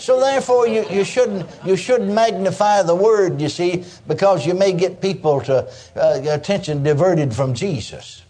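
Man, preacher, sermon, fairly high voice, mellow tone, emphatic, calls for amens. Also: moderate pace, hardly any pauses. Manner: emphatic, exclamations of praise; calls for audience response.

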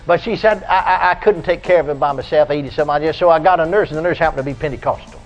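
An older man preaching a folksy radio sermon, telling stories and breaking into high, shouted praise. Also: fast talker, soft background music. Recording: dull lo-fi archive radio recording.

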